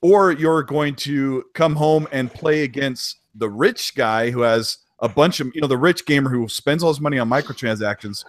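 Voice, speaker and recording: A man's voice: medium pitch, normal speed, hardly any pauses, dry recording, studio quality. A man talking animatedly and laughing easily in a casual podcast roundtable.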